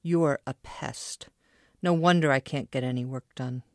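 A woman voicing a moody adult aunt who swings between warmth and cruelty, read by the author in her own voice. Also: a bass voice, moderate pace, dry recording, studio quality. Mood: bitter.

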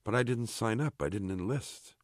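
A man's voice: on the low side, normal speed, no room sound, clean studio sound, pitched above the performer's own voice, lightly acted. Man reading as a bewildered young soldier. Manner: baffled, pressing questions.

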